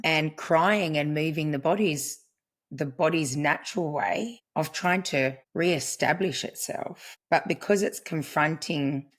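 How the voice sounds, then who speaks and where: A middle-aged woman, a podcast guest, speaking earnestly in a reflective conversation and quoting what she once said. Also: low-pitched. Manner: earnest, storytelling, quotes herself. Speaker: podcast guest, family constellations practitioner.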